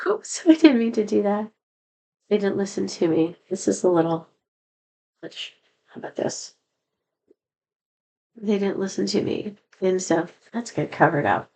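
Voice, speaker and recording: A middle-aged vlogger speaks to the camera in a rambling, confessional monologue that is sad and candid, her voice a little worn and not at full strength after being sick. Her pitch is medium and her intonation lively, with an unhurried pace, long pauses and a dark tone. The recording is rough.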